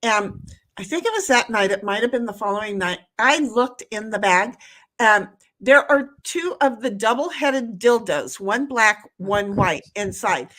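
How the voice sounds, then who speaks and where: A woman co-hosting a live stream, telling stories in a blunt, profane, animated way from home. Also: mid-range voice, unhurried. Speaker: co-host of a live-stream talk show. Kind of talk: casual chat, storytelling. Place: home, at a computer.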